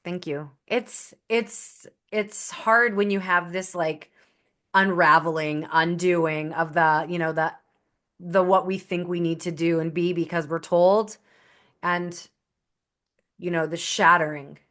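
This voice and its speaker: Soft-spoken lower woman host. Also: steady tone, takes it slowly. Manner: soft, reflective, searching for words. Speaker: podcast host. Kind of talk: supportive interview reply.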